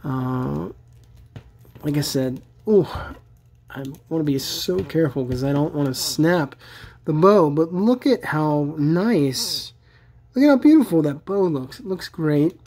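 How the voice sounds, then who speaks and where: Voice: mid-range voice, expressive, unhurried, darkish tone. A toy collector reviewing action figures in a casual, chatty and enthusiastic way, with many fillers. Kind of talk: casual product review vlog.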